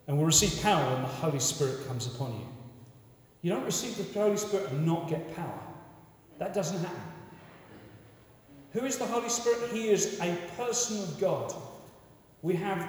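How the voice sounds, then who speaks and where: A man preaching a sermon in a conversational, animated way, often repeating words as he restarts. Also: high-pitched. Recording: echoey hall from far off.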